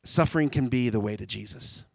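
A man preaching a sermon, animated, swinging from loud shouts down to quiet, intimate tones. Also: mid-range voice, fairly quick, gravelly, no echo.

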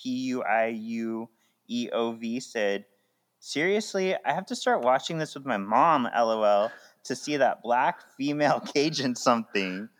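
A man's voice: mid-range voice, unhurried. A man co-hosting a podcast in casual chat, upbeat and laughing often. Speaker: podcast co-host.

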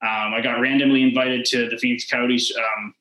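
In a casual interview, a former hockey player in his twenties rambles through his story, leaning heavily on "like" and quoted back-and-forth. His mid-range voice is level and sharp at a moderate pace, recorded in an echoey room.

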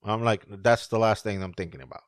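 A man co-hosting a podcast in casual chat, animated and profane, laughing often. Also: fairly low pitch, brisk, dry recording, studio quality. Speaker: podcast co-host.

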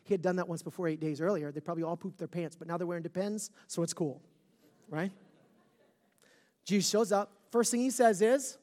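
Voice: mid-range voice, a little fast. Emotional pastor preaching in slangy casual style. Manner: casual slang, swings from hushed near-whisper to loud fervent emphasis. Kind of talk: sermon. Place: church service before a live congregation.

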